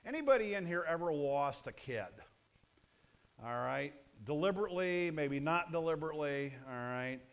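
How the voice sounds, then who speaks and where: A man's voice: on the high side, expressive, normal speed, clear, resonant tone. A male pastor preaching a sermon in a conversational, punchy way, often asking the audience questions.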